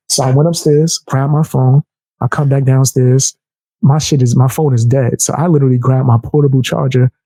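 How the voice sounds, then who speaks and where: A young man telling a heated personal story in casual, animated speech, raising his voice to act out the people he quotes. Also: mid-range voice, no echo. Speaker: storyteller vlogger.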